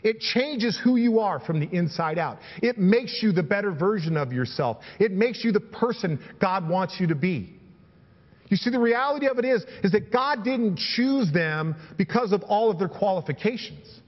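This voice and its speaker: A man's voice: high voice, expressive, normal speed, big-room sound, dull audio. A man preaching a sermon as pastor, reading scripture aloud and building emphasis with repeated phrases.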